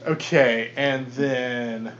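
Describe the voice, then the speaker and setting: A man narrating as game master for a tabletop game, describing monsters in a halting way with frequent restarts. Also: medium pitch, fairly even intonation, a bit bright, slight background noise. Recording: dull lo-fi podcast audio.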